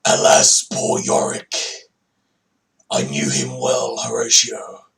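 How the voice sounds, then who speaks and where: A man voicing a theatrical adventurer who grandly recites old tragic verse, loud and declaiming, slightly higher than his own voice. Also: very animated, slow pace, gravelly, distant mic, exaggerated voice. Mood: grandly mournful.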